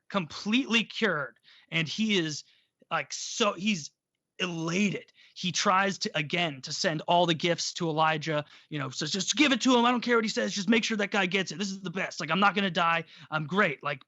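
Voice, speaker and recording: A man with a bright, forceful, fairly high voice retells a story in a casual, irreverent way and swears freely. The sound is dry and somewhat dull. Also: no echo. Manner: irreverent, profane, joking. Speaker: podcast host.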